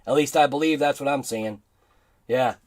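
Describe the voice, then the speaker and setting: A man's voice: medium pitch, moderate pace, darkish tone. A man with a Boston accent hosting a casual livestream, rambling and laughing as he reads chat aloud. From Boston area, United States. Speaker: livestream host.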